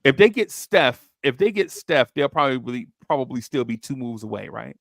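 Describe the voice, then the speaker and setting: Slangy excitable man with a gravelly voice. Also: moderate pace, no echo, clean studio sound. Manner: slangy, excitable, acts out quotes in high voices. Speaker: podcast host. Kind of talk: animated storytelling chat.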